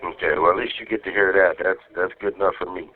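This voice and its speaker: Talking fast in a voice that sits low, a man chats casually with his wife over a tinny phone line. He swears freely and tells animated stories, playing out other people's lines himself.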